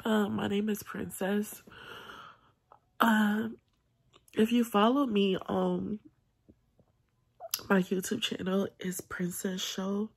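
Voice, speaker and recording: A woman recording a late-night vlog on her phone, crying and halting, with sighs and long pauses. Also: mid-range voice, flat delivery, gravelly, slightly rough. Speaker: vlogger. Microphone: phone held in hand.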